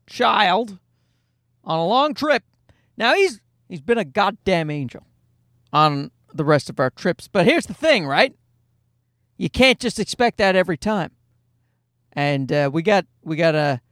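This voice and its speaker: A man hosting his podcast alone from home, rambling through a jokey, sarcastic monologue with quick asides. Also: high voice, fairly bright tone, dry recording, studio quality. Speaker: podcast host. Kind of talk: casual comedic monologue.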